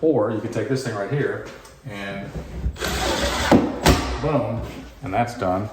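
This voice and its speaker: Deadpan joking man in an echoey room. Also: lowish voice, slow pace. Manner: deadpan jokey, puns and mock anger. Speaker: home renovation vlogger. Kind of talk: joking DIY how-to vlog. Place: house under renovation, indoors. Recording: echoey bare room, faint noise.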